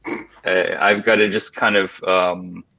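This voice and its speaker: A deadpan man with a low voice hesitates through his jokes in casual podcast chat. The sound is dry. The recording is dull and lo-fi. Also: slow, vocal fry, dry recording. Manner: hesitant, deadpan, many fillers. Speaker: podcast co-host.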